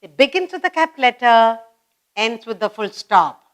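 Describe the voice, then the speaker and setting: A woman's voice: a little high, lively intonation, moderate pace. A woman teaching a children's grammar lesson, repeating each example sentence and explaining it step by step. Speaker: English teacher.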